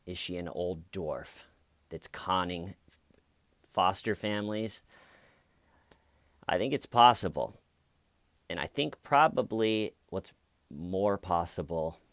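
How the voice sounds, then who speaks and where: Casting: low-voiced man, unhurried wry commentary, dry close mic. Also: fairly bright tone, dry recording. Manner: slow, wry, acts out quotes in mocking voices. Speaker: commentary vlogger. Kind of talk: casual commentary monologue.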